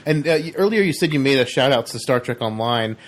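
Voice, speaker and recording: A man's voice: mid-range voice, expressive, fast talker. A man hosting a podcast, asking guests questions and reacting with enthusiasm. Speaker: podcast host. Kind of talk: casual podcast interview.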